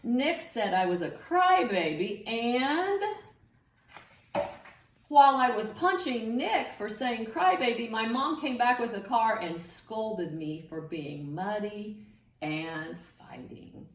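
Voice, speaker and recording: A woman reading a picture book aloud to children, with an expressive, sing-song delivery that invites the listeners to join in. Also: medium pitch, slow pace. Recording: echoey room, mic set far off.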